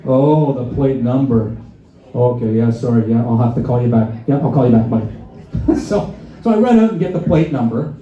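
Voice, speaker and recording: A man's voice: medium pitch, expressive, normal speed, mellow. A man doing a live stand-up set in a bar, sarcastic, acting out phone calls with mock-pompous asides. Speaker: stand-up comedian. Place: bar and grill stage before a laughing crowd. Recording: echoey bar room, dull lo-fi sound.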